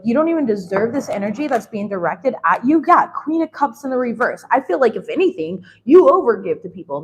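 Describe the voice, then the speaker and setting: A woman's voice: on the high side, low-quality recording. A young adult woman giving a casual tarot reading, blunt and laughing often, swearing freely. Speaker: tarot reader.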